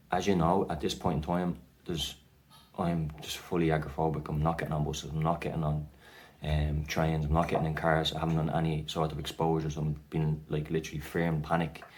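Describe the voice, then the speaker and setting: Deep, flat-voiced Irish man. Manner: rambling, frequent "like" fillers and restarts. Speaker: vlogger sharing his anxiety story. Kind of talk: casual storytelling to camera.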